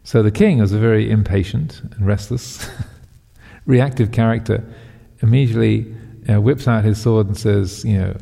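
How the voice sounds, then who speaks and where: A male teacher tells a moral story at a relaxed, halting pace, padding it with fillers and the odd wry aside. His voice is low, heavily gravelly and very mellow, and it echoes with the long reverb of a hall.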